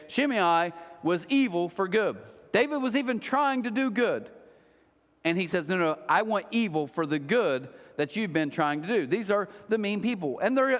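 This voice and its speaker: A pastor giving a casual, conversational sermon, retelling a Bible story with animated voices for the people in it. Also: male voice, sits high. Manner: animated storytelling, acts out quotes. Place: church auditorium. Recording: long hall reverb.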